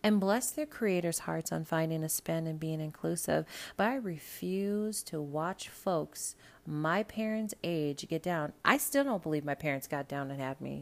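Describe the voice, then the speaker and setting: Profane low-voiced woman podcaster. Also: gravelly. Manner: blunt, profane, animated and rambling. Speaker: podcast host. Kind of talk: casual solo podcast chat.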